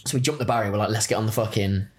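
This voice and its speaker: A man's voice: fairly low pitch, very fast, a little hiss or hum. A young man, telling rowdy anecdotes in casual chat with friends, swearing and laughing often. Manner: animated, swearing, bursts of laughter.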